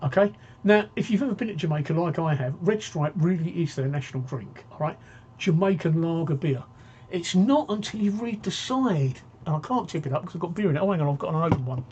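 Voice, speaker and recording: A man's voice: a little high, expressive, a little fast, darkish tone, highs cut off, a little hiss or hum. A man hosting a casual live-stream talk show, rambling and joking as he reads out viewer comments.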